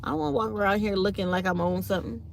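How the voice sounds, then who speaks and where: Tired, chatty woman with a gravelly voice. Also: medium pitch, rapid-fire, slight background noise. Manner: chatty, reads live comments aloud. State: tired and yawning. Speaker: channel host. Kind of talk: casual morning chat to viewers.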